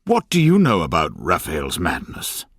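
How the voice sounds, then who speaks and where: A man's voice: very deep voice, wildly swooping pitch, normal speed, fairly bright tone, slightly rough, no echo, clean studio sound, full character voice. A man voicing a stern middle-aged village uncle in an audiobook, questioning firmly. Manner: firm, questioning. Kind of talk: audiobook character reading.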